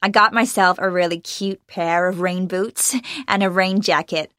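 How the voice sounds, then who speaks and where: A woman's voice: lowish voice, steady tone, normal speed, a bit bright, dry recording, studio quality. A young American woman from Los Angeles, an actress answering interview questions in a bubbly way and laughing often. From Los Angeles, USA.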